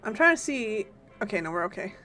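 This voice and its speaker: Playful, excitable woman streaming a game. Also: mid-range voice, soft background music. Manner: playful and excitable, greeting chat, quick bursts of teasing. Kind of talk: casual live-stream chat with viewers.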